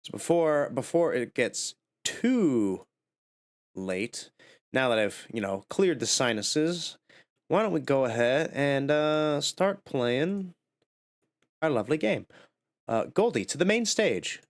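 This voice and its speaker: A man with a medium-pitched, lively voice streams a game live and takes his time. He chats playfully to himself and his viewers, letting out a slight cough along the way. It's casual, chatty gameplay talk.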